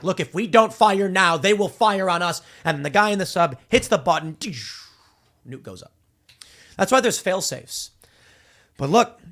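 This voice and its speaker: A man in his thirties hosting casual political commentary, talking in an animated way, acting out voices and restarting his sentences often. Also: mid-range voice. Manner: animated, acts out voices mid-story, frequent restarts.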